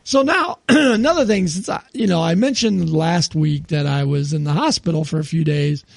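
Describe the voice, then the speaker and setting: A man's voice: on the high side, normal speed, creaky, no echo, studio quality. A man in his sixties co-hosting a casual comedy podcast, who keeps laughing as he reads posts aloud. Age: 60s. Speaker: podcast co-host.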